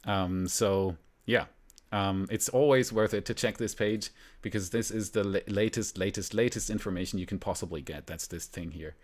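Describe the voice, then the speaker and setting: A man from Germany hosting a live stream, chatting casually and rambling a little, with frequent fillers and soft laughs. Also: low voice, normal speed. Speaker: livestream host.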